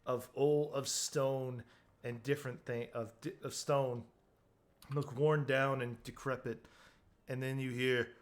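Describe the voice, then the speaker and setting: Man, game master, slow narration, mid pitch, descriptive. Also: flat delivery. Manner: unhurried, descriptive.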